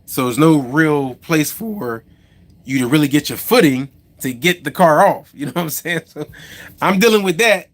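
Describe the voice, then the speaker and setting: A man's voice: fairly high pitch, lively intonation, normal speed. A man who drives a truck and owns a trucking company, telling a story on a casual live stream, rambling with many restarts and asides to viewers.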